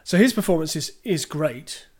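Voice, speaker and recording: Guy on a podcast, higher voice, rambly, lots of fillers and restarts. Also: lively intonation, normal speed, husky. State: clearing his throat. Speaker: podcast co-host. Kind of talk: casual film discussion.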